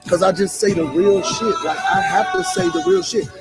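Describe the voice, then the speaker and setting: A man's voice: high-pitched, moderate pace, loud music behind the voice. A man hosting a live stream, talking bluntly and profanely, firing rhetorical questions. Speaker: livestream host. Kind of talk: blunt motivational live talk.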